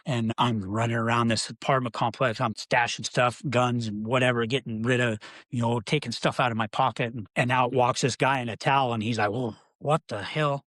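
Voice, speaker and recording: A man's voice: mid-range voice, a bit bright, no room sound. A middle-aged man, a podcast guest, telling his life story in a rambling, candid way with many fillers and restarts.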